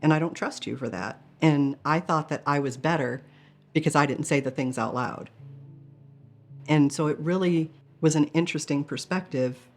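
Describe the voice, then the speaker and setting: A woman's voice: low voice, normal speed, soft background music. A woman telling her near-death experience in an interview, earnest and emotional, often quoting others in her own voice. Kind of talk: personal storytelling.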